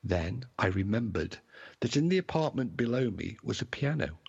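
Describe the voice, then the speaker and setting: A man's voice: medium pitch, creaky, slightly rough, highs cut off. A man co-hosting a show, reading an old ghost account aloud in a theatrical style. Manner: theatrical reading in a put-on posh tone. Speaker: podcast co-host. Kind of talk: casual chat and reading aloud.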